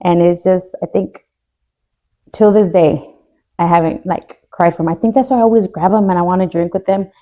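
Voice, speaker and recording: A young adult woman co-hosting a podcast, telling a personal grief story in a candid, joking way that turns quiet and tearful. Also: on the low side, steady tone, normal speed. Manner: candid, jokes to cope, voice drops when tearful. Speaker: podcast co-host. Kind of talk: casual emotional storytelling.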